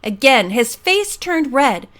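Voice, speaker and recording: A woman narrates a children's mystery with a high, light voice. She tells the story in a lively, scripted way. Her delivery keeps the action moving. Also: slow pace. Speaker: audiobook narrator.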